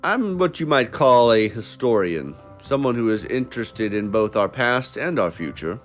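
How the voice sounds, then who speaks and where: This is a self-assured old scholar with mystic powers who answers threats calmly and cryptically, as a player puts him on. He speaks at an ordinary male pitch, with faint music in the background. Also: normal speed, lightly acted. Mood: cryptic calm.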